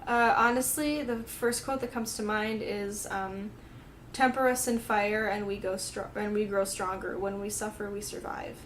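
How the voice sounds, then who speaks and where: A woman's voice: mid-range voice, fairly even intonation, normal speed, slight background noise. A young woman answering a book questionnaire in a casual vlog, rambling with lots of fillers and giggles. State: tearful, crying. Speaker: book vlogger.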